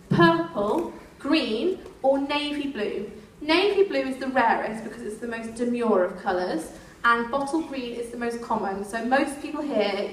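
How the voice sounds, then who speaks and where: A woman's voice: on the high side, echoey room. A woman performing whimsical live comedy storytelling to an audience, playful and teasing. Recorded on a distant phone in a noisy room.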